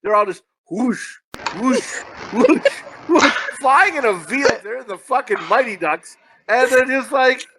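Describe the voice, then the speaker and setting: A man's voice: very high-pitched, expressive, moderate pace, sharp tone, slight background noise, rough recording. A man co-hosting a podcast, chatting casually about a movie in a rambling, profane way with frequent laughter. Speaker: podcast co-host. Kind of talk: casual movie review chat.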